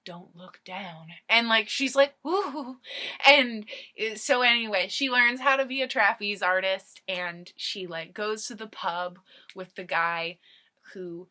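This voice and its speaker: A young woman ad-libbing a comic story for her video, rambling along with giggles and fillers. Her voice is bright and clear, and her pace is slow and loose. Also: medium pitch, steady tone. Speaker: comedy video host.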